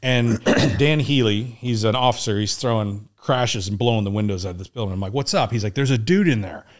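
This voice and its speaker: His voice fairly low and a little fast, a middle-aged American military veteran, a former Navy SEAL, guests to share combat tales. He swears casually, stays animated, and often bursts out laughing.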